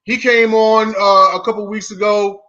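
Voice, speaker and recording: High bright-voiced man hosting a sports podcast. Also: fairly even intonation, normal speed, muffled recording. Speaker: podcast host. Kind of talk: casual sports talk.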